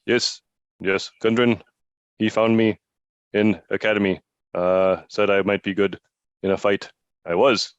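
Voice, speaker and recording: A man's voice: lowish voice, little pitch movement, a little slow, pauses often, clear, resonant tone, no echo, lo-fi sound. A man playing a tabletop game, in character and goofy. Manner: goofy, joking. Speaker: player.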